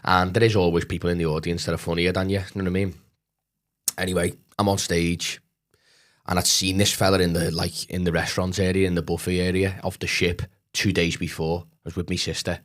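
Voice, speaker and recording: A man from Liverpool speaks with a Scouse accent he has toned down, his voice sitting a little low. He tells stories in a loose chat, swearing freely and acting out other people's voices. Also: a little fast. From Liverpool, England. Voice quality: animated, swears a lot, acts out voices. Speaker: comedian guest. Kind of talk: casual podcast chat, storytelling.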